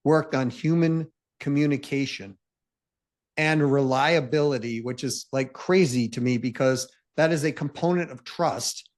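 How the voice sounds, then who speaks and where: A man's voice: mid-range voice, a little slow. A man speaking as a guest in a casual interview, emphatic and full of fillers. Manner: emphatic, full of "like" and "you know".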